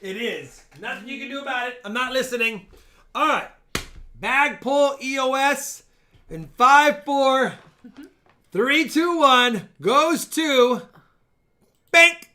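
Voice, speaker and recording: A man hosting a casual live stream, joking with viewers and loudly counting down giveaways. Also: very high-pitched, animated, slow pace, pauses often.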